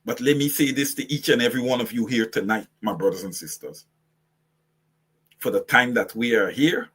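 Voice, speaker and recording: A man's voice: medium pitch, a bit bright, breathy edge. A man with a Guyanese accent hosting impassioned political commentary, preaching fiery direct address to his audience. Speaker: host.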